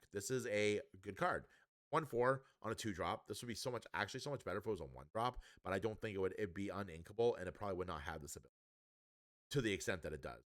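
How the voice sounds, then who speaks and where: A man's voice: lowish voice, a bit bright, dry recording. Chatty man reviewing cards, dry sound. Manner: upbeat, chatty, with frequent ums and restarts. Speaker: card game reviewer. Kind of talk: casual spoken card review.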